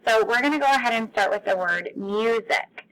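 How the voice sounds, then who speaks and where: Woman, teacher, bright tone, speaks to young children, stretches out words. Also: a little high, moderate pace, low-quality recording. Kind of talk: remote phonics lesson for young children.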